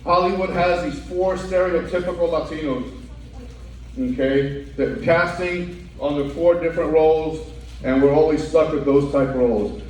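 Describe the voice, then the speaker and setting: A man's voice: fairly high pitch, fairly even intonation, moderate pace, darkish tone. Middle-aged guy doing standup, wry, far from the mic, super echoey room. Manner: wry, rhetorical, asks the crowd. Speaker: stand-up comedian. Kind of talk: stand-up comedy. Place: comedy club stage.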